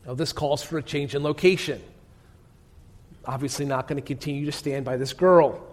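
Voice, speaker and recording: A man preaching a sermon as pastor, telling the story dramatically and often dropping to a hushed voice, with direct questions to his listeners. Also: on the high side, steady tone, moderate pace.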